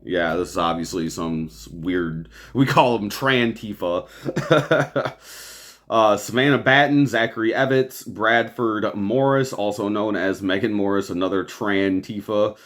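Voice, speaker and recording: A man's voice: lowish voice, a little slow, a bit bright. Profane exasperated man ranting. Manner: profane, exasperated, laughs often. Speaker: podcast host. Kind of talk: ranting news commentary.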